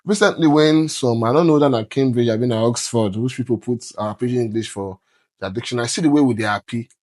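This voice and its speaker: A man's voice: medium pitch, fast, a little mellow. A young man from Nigeria with a Nigerian accent, talking emphatically on a podcast and mixing Pidgin into his English. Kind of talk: casual podcast chat.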